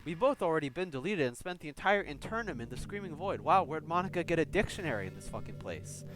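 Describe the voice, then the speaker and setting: A man voicing a cold, manipulative young club president from a visual novel, speaking in a defensive, measured way. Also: a little high, big pitch swings.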